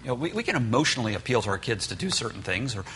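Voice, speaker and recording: A man with a mid-range, slightly bright voice teaches a sermon-style church parenting class very fast, his pitch swinging widely. He tells stories earnestly, often acting out what parents and children say, with slight background noise.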